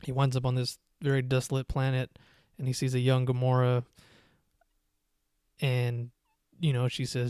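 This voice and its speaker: A man's voice: medium pitch, completely flat delivery, moderate pace, darkish tone, clear, resonant tone, no room sound, studio quality. A man hosting a podcast, giving a rambling casual movie review with many fillers and restarts. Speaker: podcast host.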